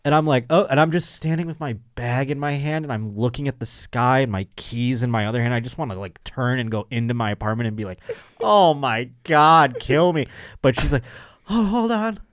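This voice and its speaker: A man's voice: medium pitch, fast, hardly any pauses, no echo, clean studio sound. A man hosting a podcast, telling a comic story in casual chat and acting out the people in it. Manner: animated storyteller, acts out other people's voices. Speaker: podcast host.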